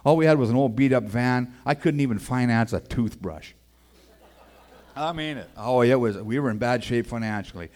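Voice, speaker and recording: A man tells his personal testimony in a relaxed, folksy manner. He acts out the voices of the people in his story. His voice sits at an ordinary middle pitch for a man. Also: normal speed. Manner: casual and folksy, with 'man' and 'boy, I tell you'. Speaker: speaker giving a personal testimony.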